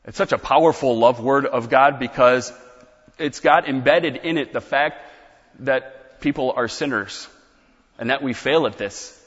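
A man's voice: medium pitch, unhurried, a bit bright, husky, big-room sound, muffled recording. A man preaching a sermon as pastor, explaining scripture in a conversational teaching manner with casual asides.

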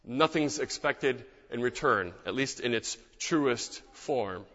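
Male pastor, sermon, bright clear tone, long church reverb, dull lo-fi sound. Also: medium pitch, expressive. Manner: measured, gentle preaching with reflective pauses.

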